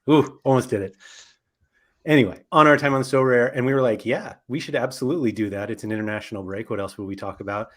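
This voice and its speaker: A man hosting a podcast in an easygoing, unscripted chat, his voice sitting at a middle pitch. He rambles and keeps correcting himself as he goes. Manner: rambling, self-correcting, frequent fillers. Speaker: podcast host.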